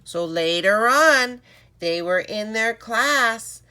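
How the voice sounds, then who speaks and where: A woman reading a story aloud to children, calling them friends in an animated way. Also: a little high, slow pace. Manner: addresses listeners as friends, animated.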